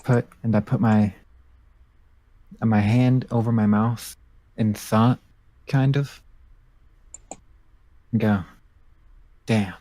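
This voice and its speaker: A man's voice: on the low side, fairly even intonation, slow, pauses often, dark tone, no echo. A man playing a tabletop game, narrating his character's actions in the first person. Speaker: player.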